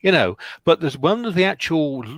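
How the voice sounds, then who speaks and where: A plain-spoken man with a fairly high voice, talking about his trance work in a casual discussion. His voice sounds dry and close, with no room around it. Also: animated, normal speed, no echo. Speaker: trance medium guest.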